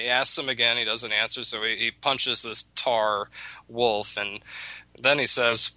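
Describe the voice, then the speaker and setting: A man's voice: mid-range voice, fairly even intonation, a little slow, pushed and bright, dry recording, low-quality recording. A man telling a folk tale in a casual chat, rambling with hesitant restarts. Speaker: storyteller in a chat.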